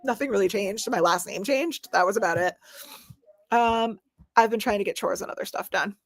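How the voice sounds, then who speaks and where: A woman in her thirties hosting a casual live stream, chatty and animated with frequent laughs. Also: medium pitch, moderate pace. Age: 30s. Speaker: livestream host.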